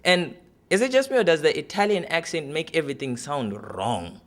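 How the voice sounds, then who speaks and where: Brief: young man, chatty stand-up audition set, relaxed and rambling. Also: a little high, brisk. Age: 20s. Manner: loose, chatty, full of fillers. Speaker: stand-up comedy contestant.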